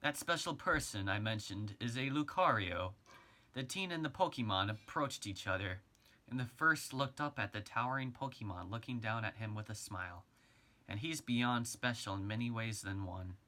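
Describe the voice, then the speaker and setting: Earnest, chatty sixteen-year-old gamer boy, as a man reads him, bright and forceful voice, fan-story reading. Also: fairly low pitch, moderate pace. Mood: reflective. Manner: talks straight to the listener, chatty. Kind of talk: first-person storytelling reading.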